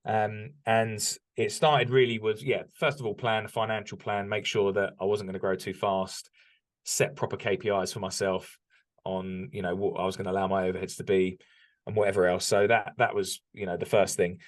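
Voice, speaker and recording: Candid British man, lowish voice. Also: flat delivery, normal speed. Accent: British English. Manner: reflective, candid, frequent restarts and ums. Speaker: podcast guest, business owner. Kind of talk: casual interview chat.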